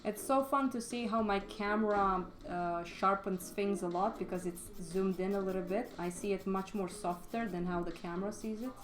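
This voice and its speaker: A woman's voice: mid-range voice, fairly even intonation, moderate pace, hardly any pauses, over music. A woman giving a casual, chatty charcoal drawing lesson while live-streaming, frank and swearing now and then. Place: home studio, live stream.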